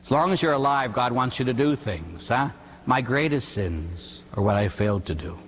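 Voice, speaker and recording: A man who is a priest, giving an animated sermon and acting out quotes, often ending lines with "huh?". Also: medium pitch, moderate pace. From Pittsburgh area, USA. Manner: animated storytelling with acted quotes and "huh?" tags. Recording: long hall reverb.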